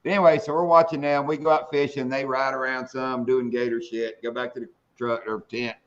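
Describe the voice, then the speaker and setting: A man's voice: medium pitch, level tone, brisk, fairly bright tone. A man hosting a fishing live stream, telling hunting stories in a drawling, salty way. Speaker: fishing show host. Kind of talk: casual storytelling chat. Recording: dull lo-fi stream audio.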